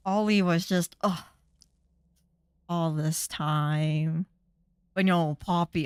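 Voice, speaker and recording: A young woman streamer talks through a horror game in a chatty, rambling way and gets indignant at the characters. Her voice sits at an average pitch and sounds close and dry on the mic. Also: dry recording. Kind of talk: casual gaming commentary.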